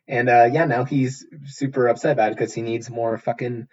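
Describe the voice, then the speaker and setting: A sarcastic man riffing through a bad-movie recap, his voice a little husky and breathy. He rambles, swears freely and fills gaps with "uh". The sound is dull and lo-fi, like a home podcast. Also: mid-range voice, darkish tone. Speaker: podcast co-host. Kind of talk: casual comedic chat.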